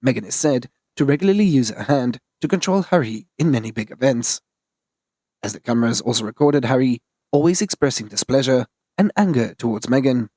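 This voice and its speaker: A man reading scripted news narration in a flat, even delivery. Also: mid-range voice, a little fast, no echo.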